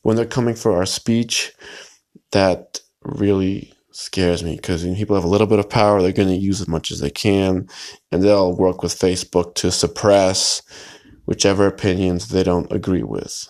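A man's voice: low voice, steady tone, moderate pace, darkish tone. A man hosting a solo podcast, talking in a rambling, hesitant way with many fillers and restarts. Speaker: podcast host.

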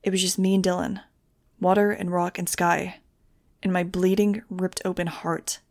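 A woman reading a novel aloud in the first person, with a steady, measured delivery. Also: on the low side, dry recording, clean studio sound. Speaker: audiobook reader.

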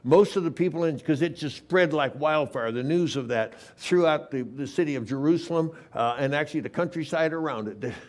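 A man's voice: a little high, a little fast, hardly any pauses. Man preaching a storytelling sermon. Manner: storytelling with sudden swings between loud and hushed. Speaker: pastor.

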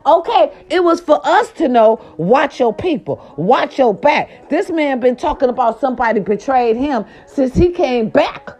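A woman hosting a casual commentary show, ranting loudly with lots of profanity and slangy asides, exasperated and outspoken. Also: high-pitched, lively intonation, unhurried, hardly any pauses, breathy edge. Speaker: host. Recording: dull lo-fi sound.

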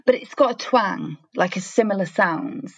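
Lively Welsh woman, casual podcast chat. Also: mid-range voice, normal speed. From South Wales. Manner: chatty, animated, playful teasing. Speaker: podcast co-host.

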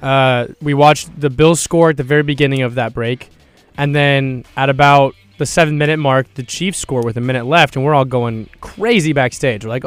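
A young man co-hosts a casual sports podcast. He tells stories animatedly and acts out other people's lines. His voice is smooth and clear, and the recording is close and dry. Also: medium pitch, normal speed, few pauses, no echo. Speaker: podcast co-host. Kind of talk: casual chat.

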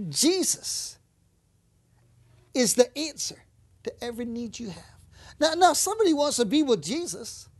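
High-voiced woman preaching emphatically. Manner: emphatic, repeats phrases, acts out scripture quotes. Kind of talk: sermon.

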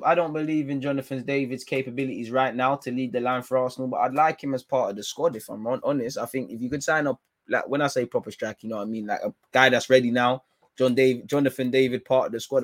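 A man's voice: mid-range voice, fast talker, dry recording. A young man, casually chatting through viewer comments on a football livestream, slangy and trailing into fillers. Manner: laid-back slangy banter, trailing off into fillers.

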